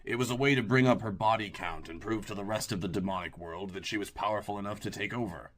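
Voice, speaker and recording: A man voicing a guarded young man, a former bodyguard who speaks in terse, measured lines. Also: fairly low pitch, fairly bright tone, lightly acted. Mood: explaining.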